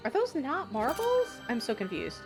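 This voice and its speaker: A woman's voice: high voice, huge pitch swings, normal speed, over music. A woman streaming a game live, chatting casually with her viewers, swearing freely and reading game lines aloud. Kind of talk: casual live-stream commentary while playing.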